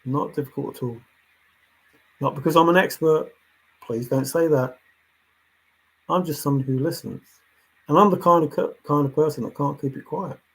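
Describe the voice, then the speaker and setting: A man delivering a lecturing, insistent monologue, repeating himself and swinging between quiet talk and loud outbursts. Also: on the high side, moderate pace, long pauses, slightly rough, low-quality recording. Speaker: treasure hunt commentator. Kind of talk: ranting monologue.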